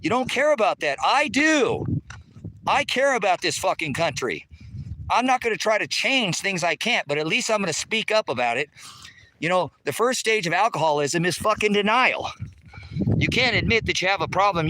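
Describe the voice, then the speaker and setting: Touring his rural land on a handheld phone as he walks, this livestreamer argues with viewer comments and swears constantly in a combative mood. He sits high in pitch with lively intonation, speaking at normal speed in a sharp tone. There's slight background noise.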